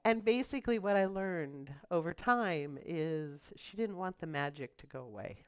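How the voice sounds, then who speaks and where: Smooth-voiced woman minister preaching. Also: lowish voice, animated. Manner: chatty, storytelling, quick asides. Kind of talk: conversational sermon.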